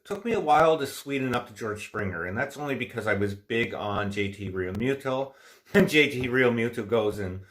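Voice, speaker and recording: A male livestream host keeps things casual, speaking in a mid-range voice at a moderate pace with a fairly bright tone. Allergies have his nose stuffed, and he rambles on, opinionated and annoyed.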